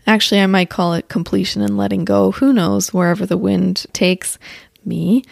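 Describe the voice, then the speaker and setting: A woman's voice: mid-range voice, steady tone, moderate pace, vocal fry, darkish tone, no echo, studio quality. A woman hosting her own podcast, talking in a casual, chatty way with frequent small laughs and self-corrections. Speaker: podcast host. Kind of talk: casual spiritual monologue. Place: outdoors or near open window with birds.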